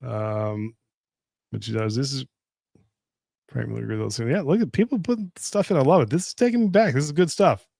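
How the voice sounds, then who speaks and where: Host, middle-aged man, casual and animated, dry close mic. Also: fairly quick, gravelly, dry recording. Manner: animated storyteller, jumps up high when imitating others. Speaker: host of a whiskey tasting livestream. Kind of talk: casual livestream chat and storytelling.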